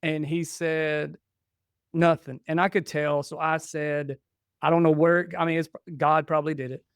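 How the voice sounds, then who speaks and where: A man in his forties tells family stories on a podcast, slipping into the voices of the people he quotes. His voice sits a little high and sounds smooth. The recording is dry and close. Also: moderate pace, no room sound. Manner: animated, acts out dialogue in stories. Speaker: podcast guest. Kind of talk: casual storytelling chat.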